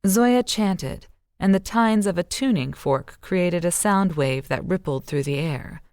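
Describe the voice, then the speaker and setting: A lowish-voiced woman works as an audiobook narrator here, giving scripted narration in a calm, even, measured way. The studio sound is clean, with no room sound.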